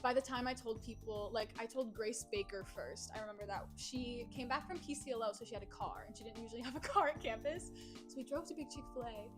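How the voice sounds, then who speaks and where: A woman's voice: a little high, fast talker, music in the background. A young woman chatting casually on a podcast, telling a story with lots of giggles and quoted voices. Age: young adult. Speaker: podcast guest. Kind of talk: casual chat.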